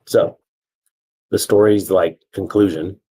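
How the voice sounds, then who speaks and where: A man with a low, very husky voice teaches video storytelling. He talks casually, tells a family story and keeps checking that his listeners are following. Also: steady tone, takes it slowly, dark tone, poor audio. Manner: conversational, checks in with "okay?". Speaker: video coach.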